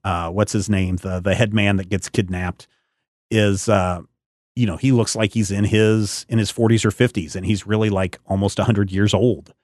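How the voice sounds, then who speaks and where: A man's voice: fairly low pitch, fairly even intonation, moderate pace, darkish tone, no room sound, studio quality. A man hosting a podcast in casual chat, rambling and searching aloud for names and details. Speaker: podcast host.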